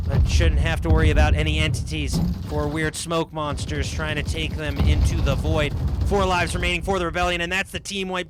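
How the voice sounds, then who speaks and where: A high-energy male esports caster racing through play-by-play and hyping each kill to his viewers. His voice sits a bit high for a man. A clear hiss of noise runs under the stream mic. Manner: high-energy hype, calls viewers folks. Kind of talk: excited play-by-play commentary.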